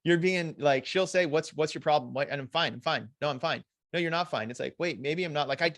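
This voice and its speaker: A man's voice: a little high, fairly bright tone, no echo, studio quality. A man who is a guest loan officer, talking candidly and reflectively in a casual interview.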